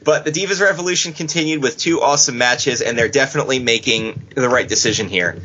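A man co-hosting a casual podcast, joking with a sarcastic edge. His voice is bright and a bit husky, and the audio is dull and lo-fi. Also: medium pitch, fast talker. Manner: sarcastic, joking, laughs often. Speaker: podcast co-host. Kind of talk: casual wrestling podcast chat.

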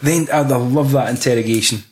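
A man's voice: mid-range voice, normal speed, a little mellow, a little hiss or hum. A young Scottish man in casual chat about a film, laughing often and acting out lines from scenes.

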